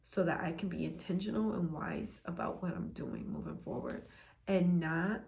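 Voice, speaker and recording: An earnest woman talks straight to her viewers in a casual vlog, her low voice gravelly with fry. She repeats phrases for emphasis and often sinks to a soft near whisper. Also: moderate pace. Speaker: vlogger sharing a health journey.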